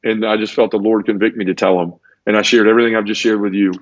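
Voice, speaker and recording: Man, low voice, earnest personal testimony, stumbling repeats, dull lo-fi sound. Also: level tone, very fast. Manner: earnest, repeats words, acts out quoted voices. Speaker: guest telling his conversion story. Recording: dull lo-fi audio.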